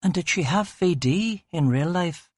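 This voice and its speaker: A man's voice: sits high, lively intonation, unhurried, dry recording, clean studio sound, voice pushed up. A man voicing a chatty young woman in an audiobook, teasing and sentimental. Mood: wistful. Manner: teasing, giddy questions.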